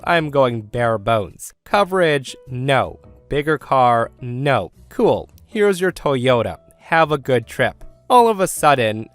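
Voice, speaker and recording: Male first-person narrator, wry and conversational, animated inflection. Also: medium pitch, clear, resonant tone. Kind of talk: storytelling narration.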